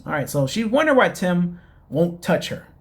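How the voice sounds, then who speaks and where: A man rambles through a reality-show recap in a loose, mocking way, packing his talk with fillers. His voice sits fairly high for a man. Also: sing-song, moderate pace. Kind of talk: casual recap commentary.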